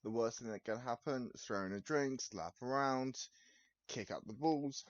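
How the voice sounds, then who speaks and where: The recording is dry and lo-fi, carrying a mid-range male voice at a moderate pace. He's a reaction video host in his twenties whose casual commentary on a video is blunt and sarcastic, full of swearing and frequent laughter.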